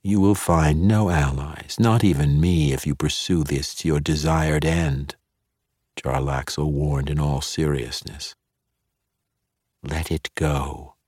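A man reading an audiobook and voicing a sly, playful male dark elf mercenary leader who talks smoothly and teasingly. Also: a bass voice, flat delivery, slow pace, pauses often, no echo, clean studio sound, heavily acted. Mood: wry.

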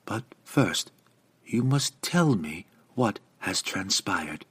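A man voicing a gracious noble lady mage who speaks politely in a measured, hushed way. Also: lowish voice, big pitch swings, breathy edge, exaggerated voice. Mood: gentle, polite.

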